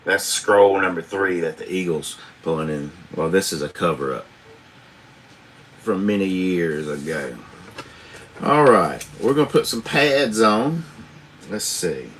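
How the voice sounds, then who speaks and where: Slow-talking trucker man. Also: low-pitched, expressive, fairly bright tone, slight background noise. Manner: rambling, swears freely, chuckles often. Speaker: truck driver livestreamer. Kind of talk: casual live-stream chat. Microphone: tablet camera.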